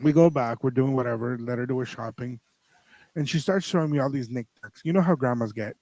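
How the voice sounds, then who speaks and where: A man's voice: mid-range voice, fairly quick, darkish tone, dry recording, poor audio. A man co-hosting a podcast, telling a family story in casual talk that mixes in Spanish phrases and acts out the people in it. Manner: switches between English and Spanish phrases. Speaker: podcast co-host.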